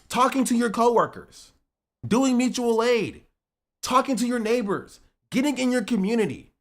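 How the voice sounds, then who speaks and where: A streamer ranting at their live chat, lecturing in short repeated punchy phrases and swearing freely. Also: mid-range voice. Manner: lecturing, repetitive, profane, punchy. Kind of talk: heated livestream rant at chat.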